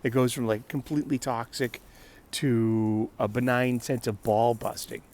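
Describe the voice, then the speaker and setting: A man's voice: medium pitch, fairly even intonation, a little slow, a little mellow. A man hosting a casual solo talk show, rambling with frequent restarts and laughter. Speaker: podcast host.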